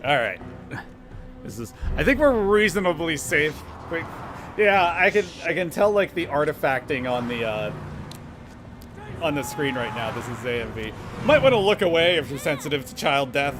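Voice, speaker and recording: A man's voice: on the high side, sing-song, moderate pace, music in the background. A man doing critical live gameplay commentary, sarcastic and swearing, with frequent laughs. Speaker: game streamer.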